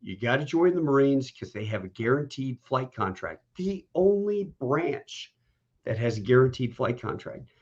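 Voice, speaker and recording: A man hosting a podcast, telling stories in a casual, animated way and acting out the people he quotes. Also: medium pitch, moderate pace, lo-fi sound. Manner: animated, folksy, acts out quoted voices. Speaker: podcast host. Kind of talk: casual storytelling chat.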